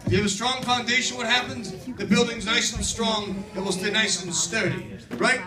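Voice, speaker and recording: A man playing a brash male construction foreman who teaches kids in a children's church skit, with a loud, bossy, tough-guy patter. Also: high-pitched, steady tone, moderate pace, a crowd in the background, natural voice. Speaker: kids' camp skit performer. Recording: echoey hall, far from mic, audience.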